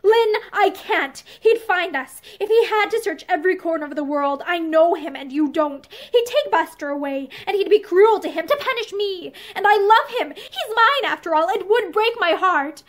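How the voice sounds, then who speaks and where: A woman's voice: extremely high pitch, animated, moderate pace, few pauses. A woman reading the part of an unhappy, frightened wife who speaks in despair. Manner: distressed, despairing.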